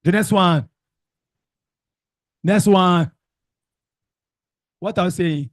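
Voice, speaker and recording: A man's voice: sits high, very slow, no room sound, studio quality. A man teaching a revision class, calling out questions and repeating the answers in call-and-response drills.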